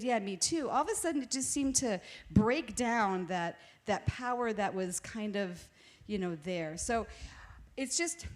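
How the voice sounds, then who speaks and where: A woman sharing a personal story in a conversational sermon, candid and animated, with frequent restarts. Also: mid-range voice. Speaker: pastor's wife sharing in a sermon.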